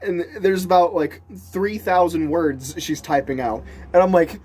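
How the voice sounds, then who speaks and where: Man, casual storytelling vlog, rambling, self-correcting, laughs a lot, animated quotes. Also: fairly high pitch, a little slow, few pauses, slightly rough. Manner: rambling, restarts sentences, laughs often; animated, voices the people he quotes. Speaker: vlogger telling a story.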